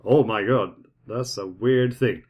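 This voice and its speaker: A man's voice: lowish voice, slow pace, muffled recording. A man doing wry, amused commentary on a game and reading its text aloud. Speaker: let's play commentator.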